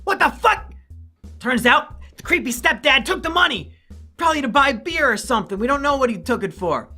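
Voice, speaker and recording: A man's voice: very high-pitched, animated, fairly quick, bright, forceful tone, soft background music. A man giving a comedic review in a profane, rambling, sarcastic way.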